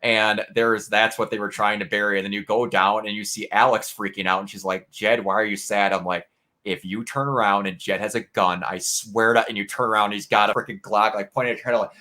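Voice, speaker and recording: Young guy with a bright voice gushing about a game, acts out the scenes. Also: on the low side, a little fast. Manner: animated storytelling, acts out scenes with quotes. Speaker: game reviewer. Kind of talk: casual spoiler review chat.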